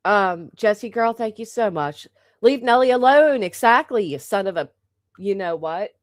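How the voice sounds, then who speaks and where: A woman's voice: medium pitch, expressive, unhurried, no room sound. A woman hosting a livestream in a casual, rambling way, swearing freely and restarting her sentences again and again. Her throat is a little sore, and she reads out thanks to members of the chat. The sound is dry and close, with no room around her voice. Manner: rambling, profane, with many restarts. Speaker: livestream host.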